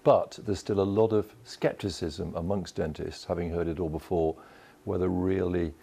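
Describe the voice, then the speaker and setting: Male correspondent, deep and husky, measured delivery. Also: fairly even intonation, dark tone. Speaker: health correspondent. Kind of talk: news correspondent live two-way.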